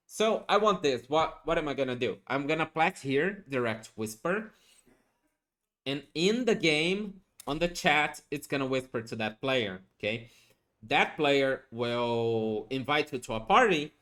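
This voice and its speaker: A man giving a casual game tutorial, talking through steps while he plays and often checking in with a quick "okay?"; he gets excited when he spots good items. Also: medium pitch. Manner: chatty, explanatory, ends points with a questioning "okay?". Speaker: gaming guide creator.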